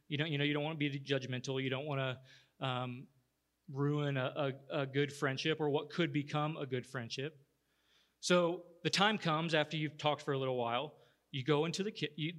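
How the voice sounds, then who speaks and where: Bright-voiced man preaching a sermon. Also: a little high. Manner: storytelling, conversational with many restarts. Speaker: pastor.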